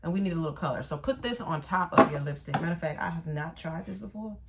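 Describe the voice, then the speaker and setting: A middle-aged woman vlogging casually, playful and animated, chatting to her pet and her viewers. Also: lowish voice, quick pace, vocal fry. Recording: faint background noise.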